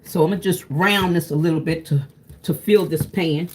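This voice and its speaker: A woman's voice: deep voice, moderate pace, a little mellow, slight background noise. A woman, chatting casually to her viewers while she cooks, calling them "y'all". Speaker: cooking vlogger. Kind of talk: casual cooking vlog chat.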